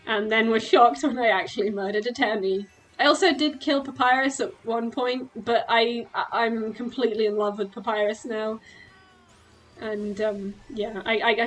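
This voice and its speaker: A woman streaming a game, chatting casually in an excitable, giggly way with quick exclamations. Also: mid-range voice, low-quality recording. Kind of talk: casual gameplay chat.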